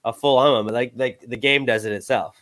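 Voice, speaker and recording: A man's voice: mid-range voice, steady tone, fairly quick, a bit bright. A young man co-hosting a podcast in casual chat, laid-back and slangy, rambling with lots of fillers. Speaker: podcast co-host.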